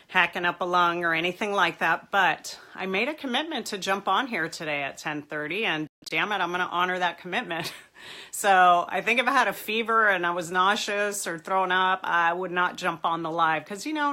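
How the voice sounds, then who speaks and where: A woman's voice: medium pitch, pushed and bright. A woman therapist with a stuffy nose and a nasal voice, chatting casually and encouragingly to viewers in a live video. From Southern California. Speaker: marriage and family therapist.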